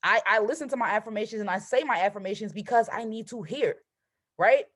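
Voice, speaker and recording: A woman's voice: medium pitch, a little fast. Emphatic young woman coaching on a live stream. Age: 20s. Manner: emphatic, keeps asking "right?". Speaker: trading coach and host. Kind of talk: motivational live-stream talk. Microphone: video call.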